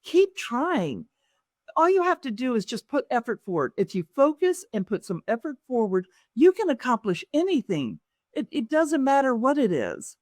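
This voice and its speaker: A woman's voice: high-pitched, sing-song, moderate pace, a little mellow, no room sound, studio quality. A woman, an author and business owner, telling a personal story in an interview and acting out other people's lines as she goes.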